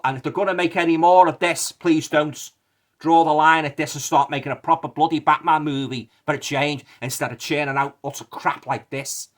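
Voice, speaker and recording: Ranting man with a Liverpool accent. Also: medium pitch. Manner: indignant, rambling, repeats himself, many fillers. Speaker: movie reviewer. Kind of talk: ranting video review.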